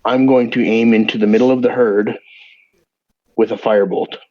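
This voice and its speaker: A man's voice: fairly low pitch, fairly even intonation, normal speed. A man playing a tabletop game, talking casually and eagerly as he lays out his plan. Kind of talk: casual chat. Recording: dull lo-fi audio.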